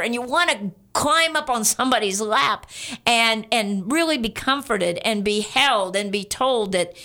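A woman preacher delivers a sermon in a bright, somewhat high voice. She speaks earnestly and directly to her listeners. She repeats her key points for emphasis.

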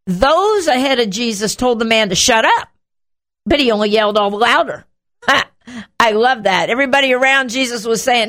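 A woman hosting a show, teaching from the Bible in an animated way and acting out the quotes. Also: fairly high pitch, normal speed. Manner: animated, acts out the quotes, shouts them.

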